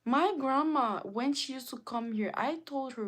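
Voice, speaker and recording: A woman's voice: sits high, measured pace, few pauses, a bit bright. A woman from Africa talking earnestly and emotionally in a casual livestream monologue, telling stories and preaching her point. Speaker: livestream host.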